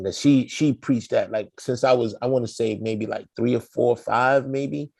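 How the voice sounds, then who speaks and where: A man's voice: mid-range voice, moderate pace, creaky, few pauses, dry recording. A middle-aged man, telling a story in a casual, slangy way as an interview guest. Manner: slangy, animated, acts out the people in his story.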